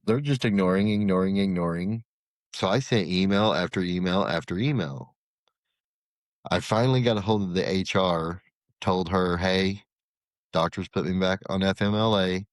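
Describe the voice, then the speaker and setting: A man's voice: low-pitched, no echo, clean studio sound. A middle-aged man, a podcast guest and former corrections officer, telling a story in conversation and acting out the dialogue. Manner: animated, acts out quoted dialogue.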